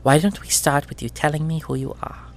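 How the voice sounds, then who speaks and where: A nasal, syrupy-sweet middle-aged crime boss woman, as a man puts her on for a tabletop game, purring soft threats in a raised, gravelly voice. She sounds quietly mean, half-whispering with a rusty edge. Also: fairly high pitch, little pitch movement, fairly quick, soft background music, pitched above the performer's own voice, natural voice. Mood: sweetly menacing.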